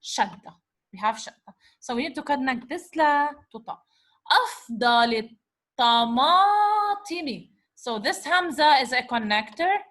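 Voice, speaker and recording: In a recorded revision lecture, a woman with a high, animated, fairly bright voice slowly and patiently decodes words syllable by syllable. She mixes English and Arabic and keeps checking understanding with "okay?"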